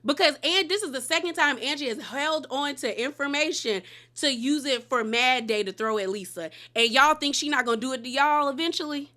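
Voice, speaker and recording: A woman's voice: high-pitched, brisk, pushed and bright. A woman giving a casual, opinionated recap of a TV episode, chatty and full of slang. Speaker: reality TV recap host.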